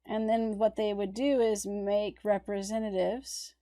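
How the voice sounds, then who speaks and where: Mellow-voiced woman lecturing casually. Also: medium pitch, flat delivery, a little slow. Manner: conversational, explaining images on screen. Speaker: art history instructor. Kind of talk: recorded lecture over slides.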